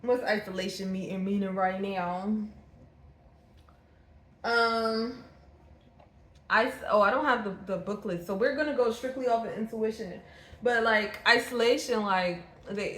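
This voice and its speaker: Blunt, profane woman reading tarot. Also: moderate pace. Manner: blunt, profane and repetitive, circling back on points; acts out the other person's thoughts in a lower, quieter voice. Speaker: tarot reader. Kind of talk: intuitive tarot reading monologue. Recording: roomy echo.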